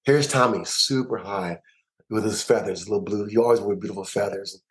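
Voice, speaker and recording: A man, a musician and producer, telling stories in an interview with an emphatic, animated way of talking and lots of repeated words. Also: on the low side, brisk, poor audio. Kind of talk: storytelling interview.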